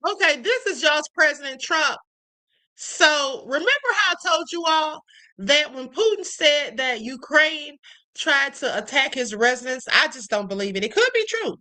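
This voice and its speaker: Sassy high bright-voiced woman streamer. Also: lively intonation, moderate pace. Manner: chatty, reads headlines aloud and adds sassy asides. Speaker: live stream host. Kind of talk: casual live-stream news commentary.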